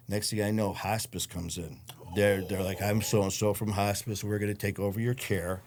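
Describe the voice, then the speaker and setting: Guy telling his story, cusses a lot, lowish voice. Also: level tone, moderate pace, darkish tone, a little hiss or hum. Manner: blunt and profane, acts out what others said. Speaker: interview guest. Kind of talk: storytelling in a casual interview.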